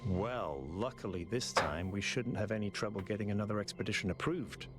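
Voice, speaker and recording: A man's voice: fairly low pitch, a little fast, natural voice. A man voicing a thoughtful robot mayor. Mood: wry. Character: earnest male robot city mayor, thoughtful. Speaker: game character. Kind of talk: video game voice acting. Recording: game music behind.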